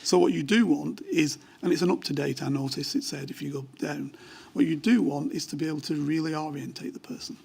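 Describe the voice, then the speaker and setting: Gravelly older man giving testimony. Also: a little high, brisk, few pauses, a little mellow. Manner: matter-of-fact, explains at length. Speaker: witness, former police officer. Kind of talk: formal hearing testimony. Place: inquiry hearing room.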